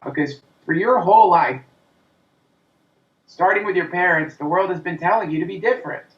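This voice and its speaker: A man's voice: high-pitched, moderate pace. A man talking as a comedian guest in an interview, in an intense, profane rant, sometimes acting out the voice of his inner critic. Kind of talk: interview conversation. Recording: roomy, distant, dull sound.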